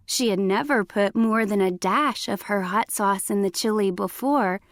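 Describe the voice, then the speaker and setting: A woman reading a children's storybook aloud, clear and expressive. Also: fairly high pitch, no room sound. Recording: dry close recording.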